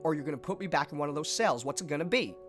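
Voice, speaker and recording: A man voicing a tough, defiant woman outlaw in a tabletop game, shouting her lines. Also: fairly high pitch, lively intonation, very fast, music in the background, close to an everyday voice.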